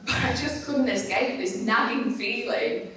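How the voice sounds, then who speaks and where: A woman's voice: on the high side, unhurried, a bit bright. Candid woman speaker in an echoey hall. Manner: candid and self-mocking, swears casually. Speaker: conference speaker. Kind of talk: storytelling talk. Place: conference stage in a large hall. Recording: echoey hall, mic at a distance.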